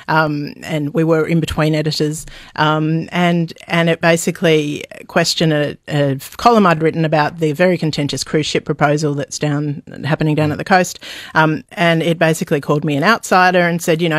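A woman's voice: low-pitched, normal speed, dry recording. Frank Australian woman, dry studio sound. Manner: frank, animated, hesitant with fillers. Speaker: journalist guest. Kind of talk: radio interview.

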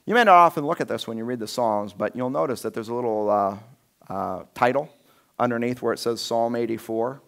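A male pastor gives a relaxed, conversational sermon in a church, at a middle pitch for a man. He tells the story plainly and slips into animated, acted-out quotes. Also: fairly quick, gravelly. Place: church sanctuary.

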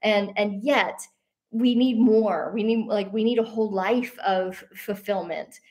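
A woman's voice: medium pitch, measured pace. A woman hosting a talk show, speaking in an earnest, rambling, unscripted way with many fillers and restarts. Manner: animated when telling a story, breaking into laughs. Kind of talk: casual unscripted monologue.

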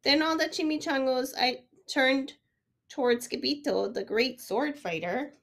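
A woman reading a children's picture book aloud, expressive, sometimes stopping to ask the listening child a question. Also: sits high, measured pace. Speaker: storyteller. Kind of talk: children's storybook read-aloud.

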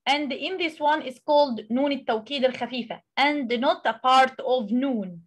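A woman who speaks Arabic natively, teaching a tajweed lesson in English, explaining with many pauses and reciting examples. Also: high voice. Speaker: Quran recitation tutor.

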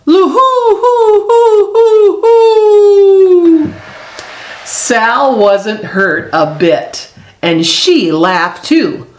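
A woman reads a picture book aloud, slow and unhurried. Her pitch rises and falls with the story. An echoey room surrounds her voice. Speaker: children's book reader.

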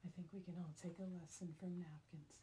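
Chatty Vermont woman, low-pitched. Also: steady tone, quick pace, dark tone, slight background noise. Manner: chatty, self-deprecating, jokes aside to someone off camera. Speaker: craft tutorial host. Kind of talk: casual craft demonstration.

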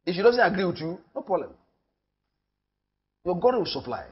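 Nigerian pastor, high voice, keeps repeating himself, loud then quiet, dull church recording. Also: male voice, very animated, normal speed. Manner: emphatic, repeats phrases, shifts from loud to hushed. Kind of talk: sermon.

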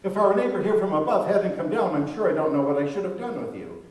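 A man voicing a nervy young male student who talks in a hurried, fretful way, recorded in an echoey room from far off. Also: high-pitched, animated, a little mellow. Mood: chiding.

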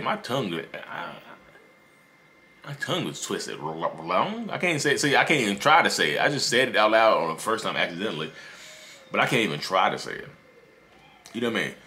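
A man speaks directly to his viewers in a casual advice monologue, joking and animated. His voice sits low yet sounds bright and forceful, swinging widely in pitch. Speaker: relationship advice vlogger.

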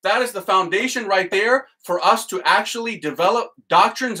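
Male priest, excitable and enthusiastic, high lively voice, bright tone. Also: moderate pace, hardly any pauses, low-quality recording. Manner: prayerful chanting in the litany. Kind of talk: teaching talk and leading a litany.

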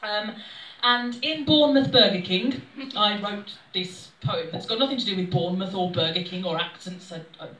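A woman's voice: medium pitch, normal speed, pushed and bright. A young adult woman with a faint Midlands accent, a poet and former actor, talking in a chatty way with frequent ums and reading her verse aloud. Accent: faint Midlands English. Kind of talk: chat and poetry reading. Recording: roomy, mic at a distance.

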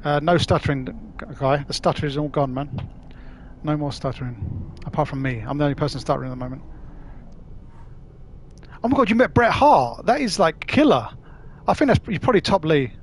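A man's voice: on the high side, animated, a little fast, slight background noise. A man from London with a Cockney accent, chatting casually with viewers while live-streaming a game, matey and swearing freely. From London, England. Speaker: gaming livestreamer.

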